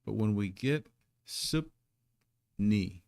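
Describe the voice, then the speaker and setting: A man teaching a live online Korean lesson, patiently explaining and sounding out syllables slowly. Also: on the low side, expressive, creaky, a little mellow, no echo, clean studio sound.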